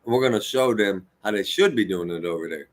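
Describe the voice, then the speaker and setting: A man's voice: lowish voice, animated, fast talker. A man in his forties giving an unscripted, heated and profane rant, rambling and preachy as he lectures his viewers. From United States. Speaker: vlogger.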